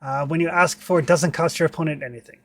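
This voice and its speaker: A man's voice: on the high side, steady tone, quick pace, a bit bright. A man narrating a tabletop game as game master, rambling with many filler words.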